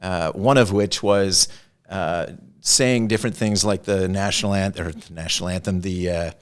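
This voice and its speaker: Deep-voiced playful man in his fifties. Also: steady tone, moderate pace, smooth. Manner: playful, jokey mimic. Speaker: podcast guest, speaker. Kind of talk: conversational storytelling.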